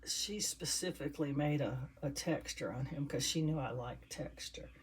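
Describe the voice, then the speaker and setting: A woman's voice: low voice, moderate pace, slight background noise. An older woman chatting casually as she stuffs and assembles a handmade doll, talking to her viewers while she works. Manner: chatty, talks while working with her hands. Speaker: doll maker. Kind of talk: casual crafting vlog.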